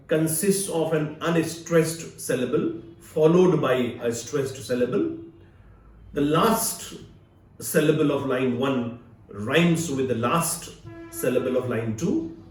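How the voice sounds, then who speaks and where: A male literature professor with an Indian English accent giving a recorded video lecture, measured and explanatory with frequent "uh" fillers. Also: medium pitch, recorded from a distance. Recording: echoey room, speaker away from mic.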